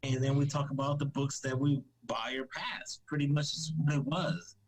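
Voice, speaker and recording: The man's voice is medium in pitch with a level tone and normal speed, heard on a rough recording. He's a comic creator guesting on a podcast in a casual live-stream chat, rambling through many restarts and fillers and laughing easily as he jokes.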